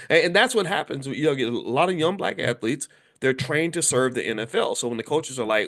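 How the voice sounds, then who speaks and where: A man talking to camera as host of his own show, animated, often restarting and repeating words as he goes, and breaking into quoted voices. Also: fairly quick. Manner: animated, acts out quoted voices with sudden high pitch jumps. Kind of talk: talk to camera.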